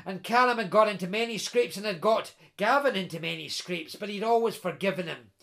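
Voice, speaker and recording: A man telling a folk tale aloud, animated and playfully stammering for effect. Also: sits high, fairly quick, creaky. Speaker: storyteller. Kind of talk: oral storytelling to listeners.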